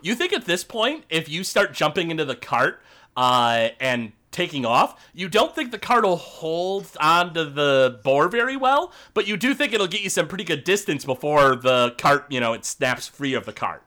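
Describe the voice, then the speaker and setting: Casting: lively, bright-voiced male game master, halting narration. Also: a little high. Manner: halting, many fillers.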